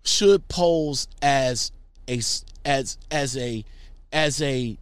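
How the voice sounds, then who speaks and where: A man's voice: medium pitch, drawn-out words, clean tone, no echo. A man casually reading out viewer comments and reacting to them in a rambling, emphatic way, often repeating his words.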